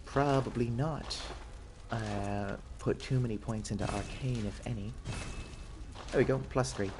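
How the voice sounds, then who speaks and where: A man's voice: medium pitch, measured pace, background noise. A man in his twenties giving wry, self-mocking let's-play commentary with a stuffy nose. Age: 20s. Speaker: gaming channel host. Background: loud game music and combat sounds.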